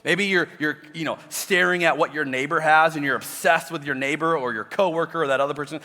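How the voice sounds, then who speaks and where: A man's voice: on the high side, fairly even intonation, a little fast, few pauses, sharp tone, big-room sound, faint music behind. A man preaching a sermon as pastor, talking conversationally and acting out imagined voices. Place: church auditorium.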